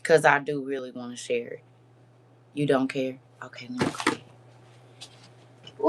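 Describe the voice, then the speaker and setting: A woman's voice: rumbling low, measured pace, pauses often. A woman hosting a live stream, chatting expressively with her viewers while puffy-eyed from crying. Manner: chatty and expressive, addresses viewers as girl and honey. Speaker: livestream host. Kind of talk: casual chat to a live audience.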